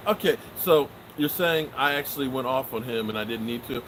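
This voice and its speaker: Joking sports host, noisy background. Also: male voice, mid-range voice, a little fast. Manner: joking, animated, swears and trails off often. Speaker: sports show host answering live chat. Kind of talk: casual live-stream chat.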